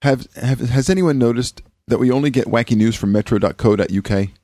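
A man's voice: brisk, mellow, no echo. A man hosting a podcast in a studio, chatting casually in a joking, rambling way and laughing often. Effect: pitch-shifted high cartoonish voice. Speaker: podcast host. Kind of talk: casual chat.

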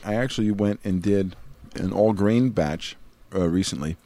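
A man's voice: lowish voice, normal speed, dark tone. A man co-hosting a casual podcast, rambling, laughing easily and chewing while he talks. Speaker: podcast co-host. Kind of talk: casual chat.

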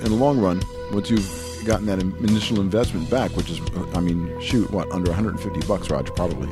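A man's voice: sits low, quick pace, music in the background. A man co-hosting a casual podcast, rambling, laughing easily and chewing while he talks. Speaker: podcast co-host. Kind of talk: casual chat.

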